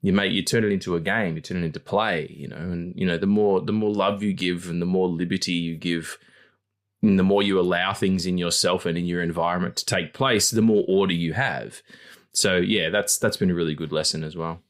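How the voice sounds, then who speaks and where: Man, very low voice, rambling podcast chat, swears a lot. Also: steady tone, fairly quick. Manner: rambling, swears freely, acts out quotes in high voices. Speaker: podcast co-host. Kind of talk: casual chat.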